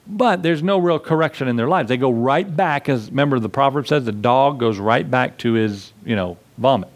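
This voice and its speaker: A pastor with a medium-pitched voice preaches at a moderate pace. His sermon is conversational, with little acted-out scenes and asides for the congregation.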